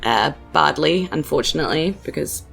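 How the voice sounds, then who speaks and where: Gravelly New Zealand woman running the game. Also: sits low, lively intonation, moderate pace, fairly bright tone, faint music behind. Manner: chatty, giggly, many fillers. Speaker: game master. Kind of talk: narrating a tabletop game.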